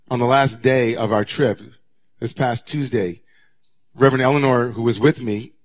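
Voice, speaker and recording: Male rabbi, mid-pitched voice, sermon delivery with dramatic hush-to-raised swings.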